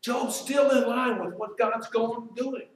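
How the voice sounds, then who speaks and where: A high-voiced man preaches a slow, deliberate sermon, swinging from loud emphatic quoting to hushed reflection. He is heard from a distance in a very echoey church room. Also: fairly even intonation, a little hiss or hum. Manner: emphatic, rises loud when quoting Job, drops quiet and slow to reflect. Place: church sanctuary.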